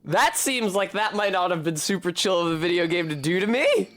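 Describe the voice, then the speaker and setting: A man's voice: high voice, animated, a little fast, a bit bright. A man giving casual, wry commentary as he streams a video game, swearing freely and chatting with his viewers. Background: game music.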